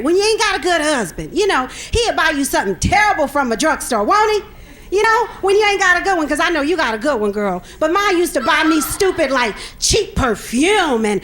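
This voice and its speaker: A woman's voice: very high-pitched, fairly bright tone. A middle-aged woman doing a stand-up comedy set, sassy and punchy, laughing at her own jokes.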